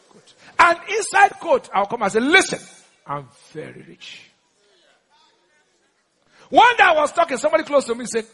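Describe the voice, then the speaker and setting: A man's voice: high-pitched, pushed and bright, breathy edge, big-room sound. A man with a Nigerian accent preaching a sermon, with emphatic call-and-response questions to the congregation. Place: church.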